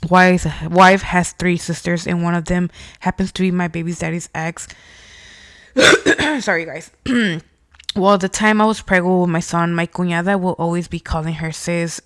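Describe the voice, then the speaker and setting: Listener stories get read out by this podcast host, a young woman whose voice is creaky, gravelly, and on the low side; she responds frankly and curses freely. The audio is close-miked and dry, without any room echo.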